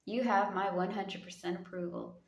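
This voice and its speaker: A woman's voice: medium pitch, fairly even intonation, moderate pace. Sassy, slangy woman giving a tarot reading. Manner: sassy and slangy, calling listeners honey. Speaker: tarot reader. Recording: echoey room.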